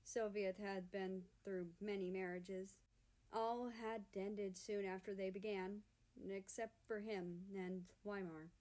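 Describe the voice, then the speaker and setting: A woman reading a fan-written story aloud in a soft, unhurried narration. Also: mid-range voice. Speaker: fan fiction reader.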